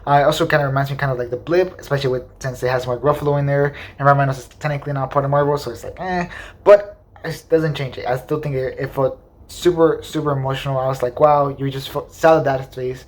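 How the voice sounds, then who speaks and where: Fast-talking rambling male movie reviewer. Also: medium pitch, fairly even intonation. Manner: rambling, enthusiastic, heavy filler words. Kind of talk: casual spoiler review.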